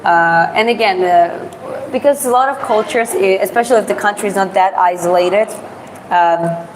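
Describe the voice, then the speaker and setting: Livestreaming as she walks outdoors through the city, a Georgian vlogger speaks English as a non-native with a Georgian accent, casually answering viewers' questions and rambling with lots of fillers. Her voice is medium-pitched at a normal speed, with background noise around her.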